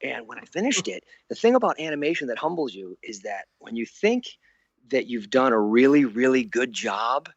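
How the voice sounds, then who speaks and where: A man in his sixties spins an anecdote in a middle-pitched voice, laughing as he goes and acting out the people he quotes. The sound is dry and close, with a dull, lo-fi edge. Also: normal speed, husky, no echo. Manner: animated, laughs often, acts out quoted voices. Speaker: guest animator. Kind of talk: anecdotal storytelling in an interview.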